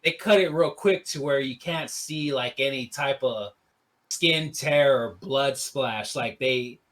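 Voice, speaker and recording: A man co-hosting a casual movie review podcast, rambling through plot recaps full of "like" and quick acted-out quotes. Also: mid-range voice, fairly bright tone. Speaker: podcast co-host.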